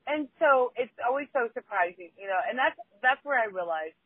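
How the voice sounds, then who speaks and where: A woman's voice: on the high side, animated, brisk, slightly rough. A woman co-hosting a casual podcast, who tells a story bluntly and often restarts her sentences. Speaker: co-host. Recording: dry, phone-like line.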